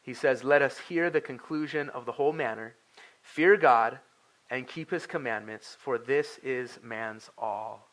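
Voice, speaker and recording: A man's voice: mid-range voice, a little slow, a bit bright. A young adult man delivering a sermon as a pastor, in an earnest, conversational way, with many fillers and restarts. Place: church sanctuary.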